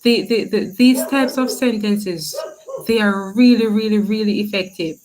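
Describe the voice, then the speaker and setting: A woman's voice: mid-range voice, crowd noise, poor audio. A woman teaching a grammar lesson, asking questions and praising the class often. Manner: slow, encouraging, asks questions and praises.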